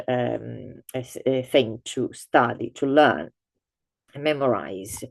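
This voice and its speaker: Woman teacher talking real slow, lots of ums and restarts, dry close sound. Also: rumbling low, gravelly, no room sound. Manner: explains slowly, with many fillers and restarts; stresses words and exaggerates intonation for learners. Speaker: language teacher. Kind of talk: online lesson.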